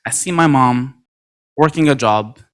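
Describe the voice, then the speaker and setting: A man giving an energetic motivational talk at a convention, acting out quoted dialogue with lots of repetition. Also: medium pitch, a little slow, clean tone. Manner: animated, acts out quoted dialogue, many repetitions. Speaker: motivational speaker. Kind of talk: energetic storytelling speech. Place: convention stage.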